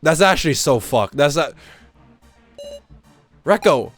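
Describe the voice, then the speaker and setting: A man giving let's-play commentary and reading the story aloud, animated and loose. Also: on the high side, slow pace, soft background music. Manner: animated, reads all characters aloud. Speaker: gamer.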